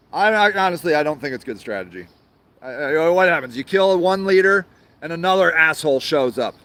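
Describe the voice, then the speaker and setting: A show host stands in an outdoor garden delivering a profane rant, angry and sarcastic, repeating himself and swearing plenty. His voice is fairly high and fairly bright.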